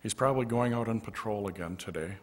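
Lower-voiced pastor telling a story. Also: male voice, quick pace. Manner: gentle storytelling with soft asides. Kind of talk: storytelling sermon. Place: church sanctuary.

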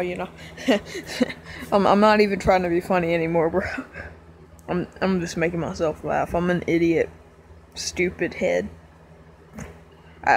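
A woman's voice: on the low side, a little hiss or hum. Giggly woman with a worn-out voice. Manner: giggly, rambling, self-mocking. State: strained, worn-out voice. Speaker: gaming channel host. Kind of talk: casual talk to fans.

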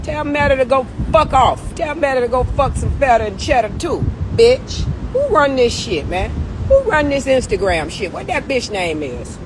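A woman's voice: high-pitched, very animated, normal speed, background noise. A woman ranting profanely and confrontationally on a late-night phone livestream. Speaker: social media personality.

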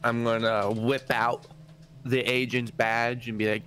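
A man's voice: mid-range voice, little pitch movement, unhurried, a bit bright. Playful man repeating words. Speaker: player. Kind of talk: tabletop game chat.

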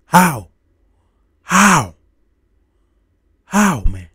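Man, vlog rant, exasperated, repeats himself, husky, slightly high voice. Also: sing-song, extremely slow, sharp tone. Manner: exasperated, repeats the same phrases over and over. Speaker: vlogger. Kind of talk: repetitive ranting vlog reaction.

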